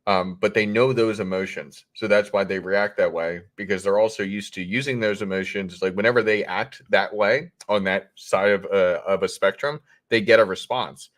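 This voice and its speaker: A man's voice: fairly low pitch, normal speed, few pauses, a bit bright. A man on a podcast panel explaining a point in casual discussion, with some hesitations.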